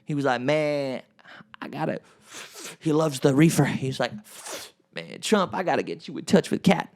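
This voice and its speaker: A man's voice: on the high side, animated, normal speed, gravelly, darkish tone. A male comedian doing a rambling, boastful impression of an older former president who says he is losing his voice. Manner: rambling, boastful, repeats phrases.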